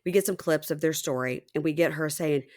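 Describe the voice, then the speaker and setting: Lower-pitched woman recapping casually. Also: a little fast, a little mellow. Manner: retells scenes, quoting people in mimicked voices. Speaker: podcast host.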